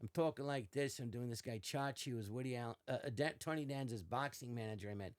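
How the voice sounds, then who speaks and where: An older man, a podcast guest, telling animated anecdotes in casual chat and slipping into quoted voices. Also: mid-range voice, quick pace. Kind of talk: casual storytelling.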